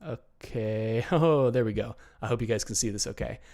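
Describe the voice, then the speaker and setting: A man's voice: fairly low pitch, moderate pace, darkish tone. A man hosting a casual livestream, answering viewer questions while thinking aloud, with plenty of fillers and restarts. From Canada.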